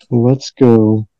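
A man guesting on a casual podcast talks slowly in a laid-back drawl. His voice is very dark and mellow. He comes through a dull, lo-fi line with a dry sound. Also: mid-range voice, slight background noise. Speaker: guest, former professor. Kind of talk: casual chat.

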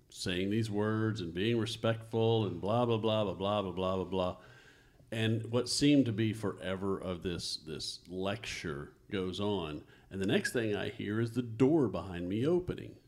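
A middle-aged man sits in as podcast host and spins childhood stories in a relaxed, lively way, laughing often. His voice sits on the low side. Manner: animated storyteller, laughs often. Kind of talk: casual family conversation.

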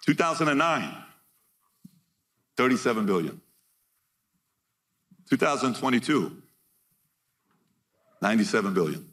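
A man giving a motivational keynote to a live audience, energetic and punchy, reading figures out in short bursts and firing questions at the crowd. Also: medium pitch, unhurried, pauses often. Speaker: keynote speaker.

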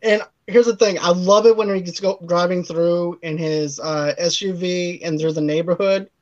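A man co-hosting a podcast, chatting casually about a movie, laughing often and mumbling quotes in a lower voice. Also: steady tone, moderate pace. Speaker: podcast co-host. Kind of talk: casual chat recapping a film. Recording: dull lo-fi sound.

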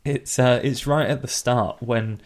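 A man's voice: mid-range voice, fairly even intonation, measured pace. Joking man chuckling at a film. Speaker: podcast co-host. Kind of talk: casual film-review chat.

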